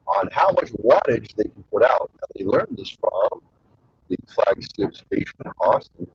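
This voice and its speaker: A man's voice: mid-range voice, vocal fry, a little mellow, slightly rough, no room sound, dull audio. A man hosting his own show, telling rambling stories casually with lots of fillers and crude humor. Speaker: show host.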